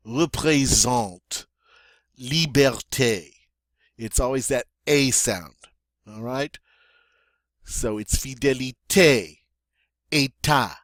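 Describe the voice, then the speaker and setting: A man teaching French pronunciation, explaining slowly and checking in with "okay?" and "all right?" as he goes. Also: medium pitch, no echo, studio quality. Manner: slow, deliberate, with many fillers and check-ins like "okay?". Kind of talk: pronunciation lesson.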